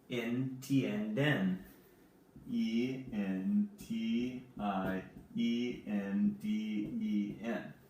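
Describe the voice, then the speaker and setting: A man's voice: mid-range voice, a bit bright. Male teacher, patient explainer who spells things out letter by letter; very echoey room, mic at a distance. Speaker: Spanish teacher. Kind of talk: recorded classroom lesson.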